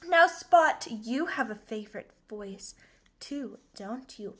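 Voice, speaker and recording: A woman teaching young children, slow and clear, encouraging them with exaggerated emphasis. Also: fairly high pitch, expressive, fairly bright tone, a little hiss or hum.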